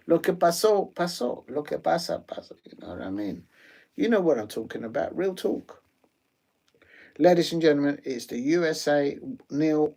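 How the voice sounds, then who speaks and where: A man doing rambling, jokey live commentary on a football match, with slangy asides and sudden excited shouts. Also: medium pitch. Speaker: watch-along streamer. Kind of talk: live watch-along commentary.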